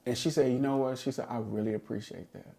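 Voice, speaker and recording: A middle-aged man with a gravelly, creaky edge to his voice tells a story in a casual podcast chat. His pitch sits in the middle, and he speaks earnestly and thoughtfully, looking back on his past. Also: steady tone, fast talker, warm tone. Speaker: podcast co-host.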